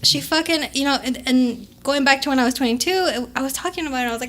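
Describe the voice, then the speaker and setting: A woman's voice: high-pitched, fast talker, fairly bright tone. A young adult woman co-hosting a casual podcast, telling a story animatedly with frequent laughs and swearing. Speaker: podcast co-host. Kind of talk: casual chat.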